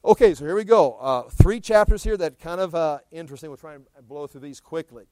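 A man's voice: a little high, lively intonation, a little fast, darkish tone, clean tone, no room sound. A man teaching a Bible study verse by verse in a casual, conversational way, with asides and restarts.

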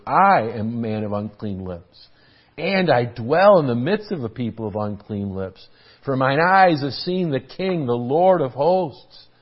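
A man's voice: fairly high pitch, lo-fi sound. A man preaching a sermon as pastor, earnest and emphatic, repeating key phrases for weight, in a church hall.

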